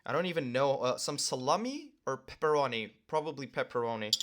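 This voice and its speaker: A man's voice: mid-range voice, lively intonation, brisk, fairly bright tone. A young man vlogging casually to the camera while eating lunch at home, rambling with lots of fillers and talking with his mouth full.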